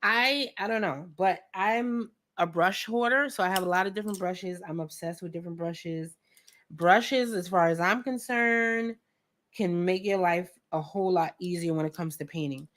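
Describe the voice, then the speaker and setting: A young woman hosting a casual painting tutorial at home, chatty and joking with viewers, often clearing her throat. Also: lowish voice, normal speed, a bit bright. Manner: chatty, joking asides, talks to viewers as friends; frequent laughs and throat clearing. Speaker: art tutorial host. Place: home studio with a fan running.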